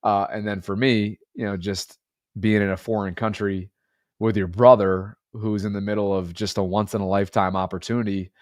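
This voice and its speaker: A man in his thirties co-hosts a casual podcast chat with a low, congested voice. He rambles in an earnest, reflective way. The recording is dry and close, with no room sound. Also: flat delivery, normal speed, a little mellow, no room sound. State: congested, under the weather. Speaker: podcast co-host.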